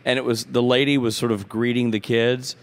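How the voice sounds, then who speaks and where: A man co-hosting a casual podcast chat, a father telling jokey, animated stories about his kids. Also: medium pitch, a little fast. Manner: joking storyteller, animated asides. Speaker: guest co-host.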